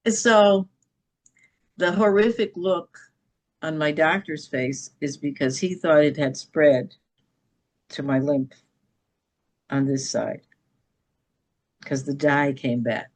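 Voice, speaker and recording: Low-voiced middle-aged woman telling a story. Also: takes it slowly, pauses often. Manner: emphatic, checks in with "okay?". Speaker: podcast guest. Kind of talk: personal storytelling in an interview.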